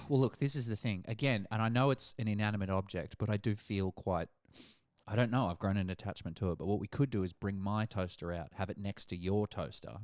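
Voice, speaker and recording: A woman's voice: extremely low pitch, a little fast, darkish tone, no room sound, clean studio sound. A woman co-hosting a podcast, chatting casually and joking around. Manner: joking, puts on silly voices in quotes. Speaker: podcast co-host. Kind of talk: casual chat.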